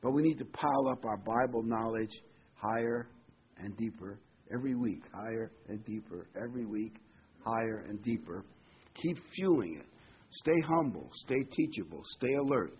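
A man's voice: medium pitch, animated, moderate pace, a little hiss or hum. A man preaching a conversational sermon, stressing points by repeating phrases. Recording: dull lo-fi recording.

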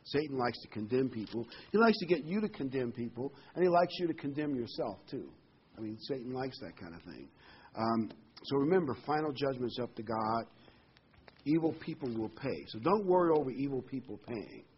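A man's voice: medium pitch, expressive, brisk, lo-fi sound, slight background noise. A man preaching a sermon in a conversational way, his voice lifting on key phrases.

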